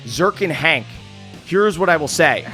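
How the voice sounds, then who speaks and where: A man narrating a tabletop game as game master, casual and energetic, with many fillers. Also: on the high side, measured pace, soft background music.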